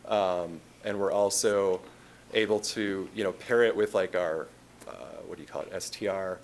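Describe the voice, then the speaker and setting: A man's voice: low voice, steady tone, normal speed, slight background noise. A man with a Chicago accent presenting a tourism marketing plan to a city council, casual and conversational with frequent fillers and restarts. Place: council meeting chamber.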